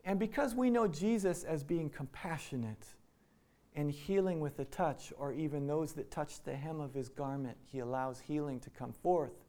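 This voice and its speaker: Speaking at a normal speed, this Iowa man preaches casually and performs each quotation in character. His pitch is a little high and his tone mellow.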